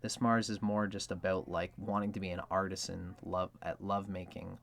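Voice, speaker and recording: A man's voice: sits low, little pitch movement, moderate pace, vocal fry, a bit bright, a little hiss or hum. A man hosting an astrology video, talking in a casual, rambling way with many filler words and acting out quoted lines. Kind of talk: casual explanatory monologue.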